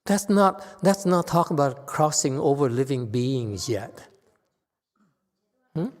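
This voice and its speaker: A man giving a Buddhist lecture, pressing his listeners with pointed rhetorical questions and jumping up in pitch to stress a point. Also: expressive, slow, long reverb tail. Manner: sudden rises in pitch and force when stressing a point. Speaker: Buddhist teacher. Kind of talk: Dharma lecture.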